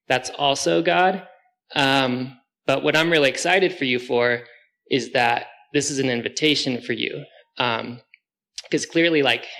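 A man's voice: mid-range voice, bright, forceful tone, rough recording. A man sharing enthusiastically in a casual faith discussion, talking loosely with many fillers. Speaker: group member sharing.

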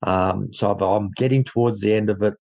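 A man's voice: lowish voice, a little fast, creaky, a little mellow, lo-fi sound. A man from Australia with an Australian accent, sharing a faith testimony in an earnest, hesitant way with many fillers. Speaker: guest speaker in an online faith group.

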